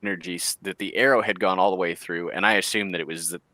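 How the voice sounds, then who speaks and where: Man, 30s, lively hunting storyteller; forceful lowish voice, dry. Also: fast talker, no room sound. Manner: animated, laughing storyteller who acts out quotes. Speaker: bowhunter guest. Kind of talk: casual storytelling chat.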